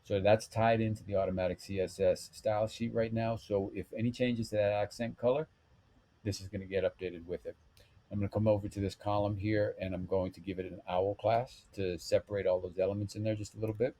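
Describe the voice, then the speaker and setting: A man with a low, mellow voice walks through a website rebuild step by step in a screen-recorded tutorial. He speaks in a relaxed, unhurried way, with plenty of ums and okays. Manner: relaxed step-by-step talk with fillers. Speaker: web developer tutorial host.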